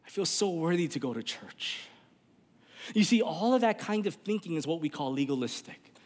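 A man's voice: on the high side, expressive, normal speed. A man preaching a sermon as pastor in a church, earnest and rising to impassioned appeals. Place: church sanctuary. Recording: reverberant church hall.

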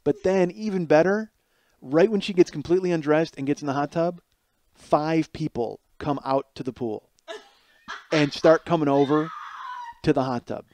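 A man in his forties, hosting a podcast, telling a comic story in a rambling, animated way with many restarts and acted-out quotes. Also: a little high, moderate pace. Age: 40s. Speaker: podcast host. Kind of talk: comedic storytelling monologue. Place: home kitchen.

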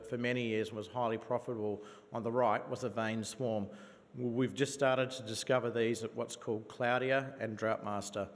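A man with a New Zealand accent pitches his company to investors in a conference venue, his voice carrying a long hall reverb. His pitch sits mid-range, and he talks with eager enthusiasm, often stopping to restart a phrase with an "uh". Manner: enthusiastic, with frequent fillers and restarts. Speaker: company presenter.

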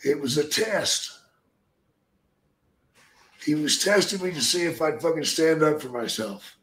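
A man's voice: a little high, expressive, fairly bright tone. An older man, a retired wrestler guesting on an interview, telling blunt stories packed with swearing. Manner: blunt, heavy swearing, drawn-out storytelling. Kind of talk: profane storytelling. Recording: roomy echo.

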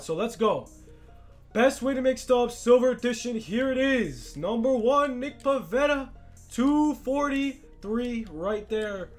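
A young man hosts his own channel and talks over sports-game footage in a fairly high, eager voice. He gets loud and hyped, talks right to his viewers, and a faint music bed plays under him. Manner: hyped, talks straight to fans, shouts when excited. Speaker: gaming channel host. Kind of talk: excited gameplay commentary.

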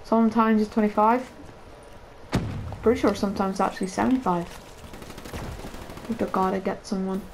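A man giving excitable, chatty commentary over his own gameplay for viewers. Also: high-pitched, moderate pace, gravelly, pauses often, noisy background. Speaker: gaming video creator. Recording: game sounds loud under voice. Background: gunfire and game announcer.

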